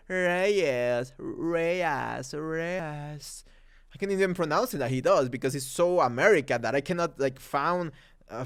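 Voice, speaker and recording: A man from Mexico whose first language is Spanish speaks English with a Mexican Spanish accent, ranting through a heated, sarcastic movie commentary. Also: on the high side. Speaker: commentary YouTuber.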